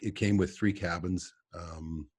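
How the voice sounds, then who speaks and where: Male guest, deep and husky, rambling storyteller who laughs a lot. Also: fairly even intonation, a little slow, a little mellow, dry recording. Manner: rambling storyteller, chuckles often. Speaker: guest trapper. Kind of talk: casual podcast chat. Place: office.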